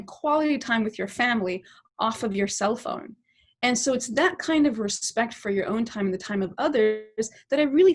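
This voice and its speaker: A middle-aged woman, a political science professor and podcast guest, telling a reflective story in long, winding sentences and often checking in with "right?". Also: on the high side.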